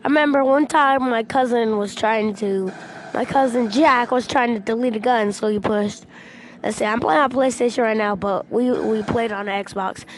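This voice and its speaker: A young female gaming vlogger casually telling a rambling story, excitable and breaking into shouts when she quotes people, into a headset mic. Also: fairly high pitch, moderate pace, a little hiss or hum.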